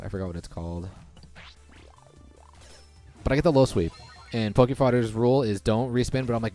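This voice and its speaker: A young man giving casual, excitable commentary over his own gameplay, reacting loudly to lucky and unlucky rolls. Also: fairly low pitch, fast. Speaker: gaming commentator. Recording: faint background music.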